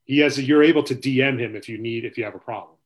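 A man's voice: mid-range voice, rapid-fire, highs cut off. A man hosting a casual sports podcast, rambling and swearing, with a lot of "you know" filler. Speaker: podcast host.

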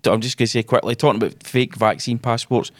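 A man's voice: medium pitch, fairly even intonation, fast talker, dry recording. A young Scottish man co-hosting a casual podcast, sardonic and sweary, drawling some phrases. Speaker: podcast co-host. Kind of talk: casual chat.

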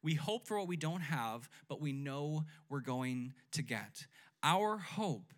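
Young adult male pastor, slightly high voice, chatty sermon, keeps asking "right?", leads call-and-response. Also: sing-song, slow. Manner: conversational, often asks "right?".

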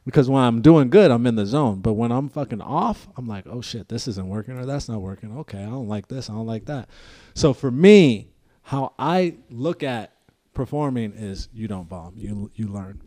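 A man's voice: mid-range voice, lively intonation, normal speed, dark tone, no room sound. Man, podcast guest, casual, lots of fillers and cursing, dry close mic. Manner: laid-back, swears freely, many fillers.

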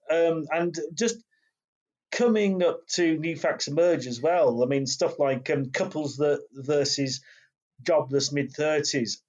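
A man speaking on a casual podcast, enthusiastic and gushing, pausing often with fillers. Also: a little high, darkish tone, poor audio.

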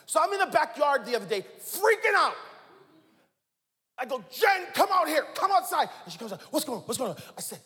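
High-voiced preacher man in his forties. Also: sing-song, brisk, big-room sound. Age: 40s. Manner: dramatic swings from hushed to shouting, call-and-response with the crowd. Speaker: pastor. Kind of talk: sermon.

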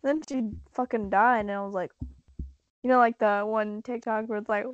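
A woman's voice: on the high side, steady tone, moderate pace. A young woman chatting casually, laughing often, swearing and filling her talk with "like". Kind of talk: casual chat. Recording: dull, lo-fi sound.

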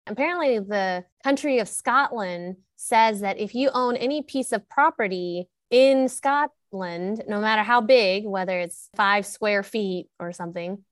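A woman in her thirties chatting casually as a podcast co-host, animated and giggly, often trailing off mid-sentence. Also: medium pitch, unhurried, hardly any pauses, no room sound. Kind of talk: casual chat.

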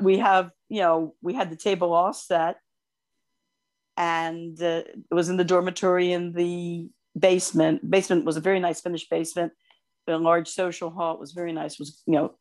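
An older woman co-hosting a podcast, telling long personal stories in casual chat, animated and quick to gush. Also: on the low side. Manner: animated storyteller, gushing over cute animals. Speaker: podcast co-host.

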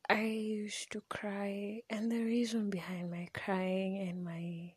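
A young woman with a Kenyan accent tells a personal story, mostly in a whisper, blending English with Swahili slang. Her medium-pitched voice is a bit mellow and husky, with no room sound.

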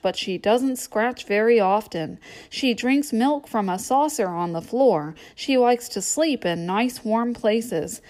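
Slow, higher-voiced woman reading to kids. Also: darkish tone. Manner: playful guessing-game reading. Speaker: storyteller. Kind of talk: children's storybook read-aloud.

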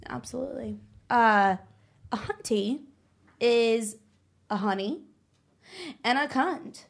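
Brash, animated woman telling stories. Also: a little high, takes it slowly, vocal fry. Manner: animated storyteller, playful and brash. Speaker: guest. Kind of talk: casual podcast chat.

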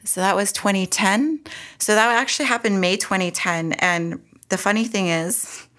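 A woman's voice: mid-range voice, normal speed, a bit bright. A woman, earnestly telling her own story as an interview guest, with frequent restarts and asides. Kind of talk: personal storytelling in conversation.

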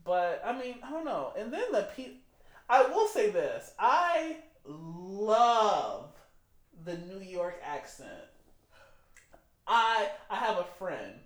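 Animated, swearing podcast co-host. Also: medium pitch, slow, reverberant. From Michigan. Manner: profane, opinionated, animated. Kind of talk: casual chat.

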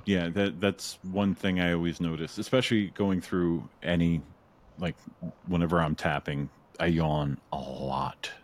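A man with a fairly low voice hosts a podcast in relaxed conversation. He is chatty and laughs often. He slips into quick spoken asides that act out his own thoughts. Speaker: podcast host. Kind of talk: casual interview chat.

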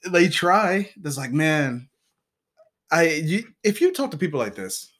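A man's voice: fairly high pitch, sing-song, a little slow, a bit bright. A man, a podcast co-host who cooks, chatting casually, going on rants and acting out little scenes. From Southern US, Louisiana. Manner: ranting, acts out mock dialogues. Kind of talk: casual chat.

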